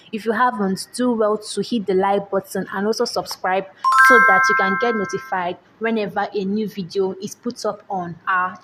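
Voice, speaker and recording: Woman as tutorial host, voice-over, faint hiss underneath, keeps asking "right?"-style checks. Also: medium pitch. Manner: checks in with rhetorical questions. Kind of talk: screen-recorded software tutorial. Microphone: voice-over on screen recording.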